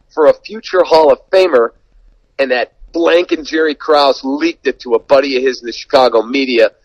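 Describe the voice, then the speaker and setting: A man's voice: medium pitch, no room sound, muffled recording. A man who works as a sports radio and TV broadcaster, telling an anecdote in a casual podcast chat and acting out the quoted voices. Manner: animated anecdote teller, acts out quoted dialogue.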